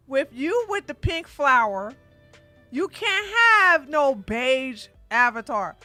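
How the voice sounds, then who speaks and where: Brief: high, bright woman streamer, lively chatter, dry mic with soft music under it. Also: takes it slowly, no echo. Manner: animated, chatty, swings to loud outbursts. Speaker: livestream commentary host. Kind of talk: casual livestream commentary.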